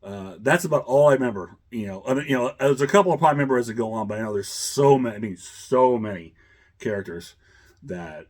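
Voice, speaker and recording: A man's voice: medium pitch, animated, fast talker. A man hosting a casual chat, rambling with many fillers and chuckles. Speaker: host.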